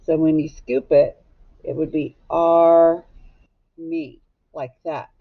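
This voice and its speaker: This female teacher's voice is low and husky, with fairly even intonation. She guides young learners through a recorded phonics lesson, slow and patient, prompting them to echo each word. The audio is a bit dull and lo-fi.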